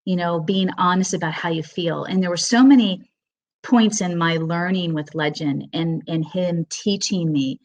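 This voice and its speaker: A middle-aged woman teaching horsemanship, telling a personal story in a webinar with earnest emotion and halting restarts. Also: lowish voice, lo-fi sound.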